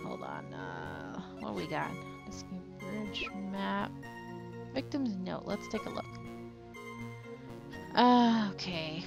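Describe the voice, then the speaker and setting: A woman's voice: mid-range voice, wildly swooping pitch, drawn-out words, creaky, long pauses, music in the background. A woman playing a video game, giving casual, playful commentary and reading dialogue aloud, slangy and talking to the game. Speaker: let's play gamer.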